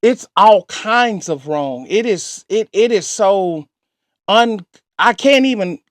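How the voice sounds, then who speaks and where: Animated man reacting with dry close sound. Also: high voice, takes it slowly, dry recording. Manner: exclaiming, joking, talks back to the story. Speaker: channel host reacting to a story.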